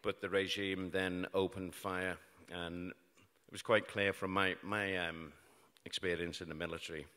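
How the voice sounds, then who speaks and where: A middle-aged British man with a low voice tells a true story on stage, mixing dark events with dry, self-mocking jokes. His voice carries a long reverb from the hall he speaks in. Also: level tone, measured pace, few pauses. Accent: British English. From Britain. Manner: wry, self-mocking humour about grim events. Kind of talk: live storytelling talk. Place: large hall before an audience.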